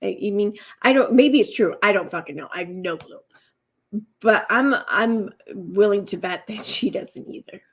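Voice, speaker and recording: Husky-voiced sarcastic woman commentator. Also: medium pitch, normal speed, a bit bright. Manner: sarcastic, musing, filler-heavy. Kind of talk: casual reaction commentary.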